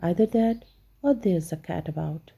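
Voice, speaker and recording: A woman's voice: lowish voice, moderate pace, gravelly, dark tone, slightly rough. Woman reading as a grumbling tired dad. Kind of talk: storybook read-aloud.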